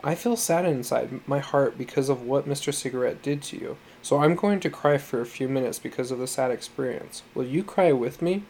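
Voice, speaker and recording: A man reading the part of a tender, patient foster mother who speaks gently and coaxingly. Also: mid-range voice, brisk, gravelly, hardly any pauses, slight background noise, lightly acted. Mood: gentle.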